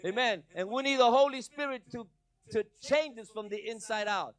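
A man preaching a fiery sermon, exhorting and shouting at times. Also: very high-pitched, normal speed, dry recording, rough recording.

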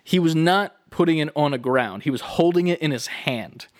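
A young man casually telling a long story, animated and profane, acting out the people in it. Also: fairly high pitch, normal speed, no room sound, clean studio sound. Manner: animated, swearing, acts out voices in his stories.

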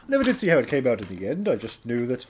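A man's voice: medium pitch, wildly swooping pitch, very fast, a little mellow, breathy edge. A man voicing a pompous, self-important male actor who talks in a grand, theatrical way and laughs at himself.

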